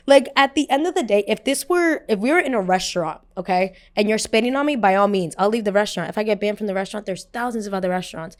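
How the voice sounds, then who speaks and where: A young woman hosting a podcast, telling a personal story in a casual, animated way, swearing freely and filling her talk with "like.". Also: mid-range voice, fast talker. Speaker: podcast host.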